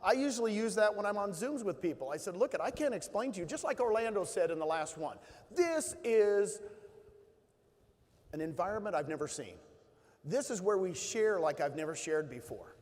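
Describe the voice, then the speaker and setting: A man's voice: high voice, animated, brisk, darkish tone. Man in a big reverberant hall, a motivational speaker, emotional and emphatic. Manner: emotional storytelling, rising to emphatic bursts. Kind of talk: motivational talk to an audience.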